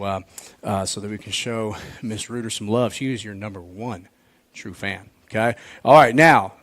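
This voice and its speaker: A man's voice: mid-range voice, dry recording. Joking folksy man host. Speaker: host of a school sports show. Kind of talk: casual joking interview.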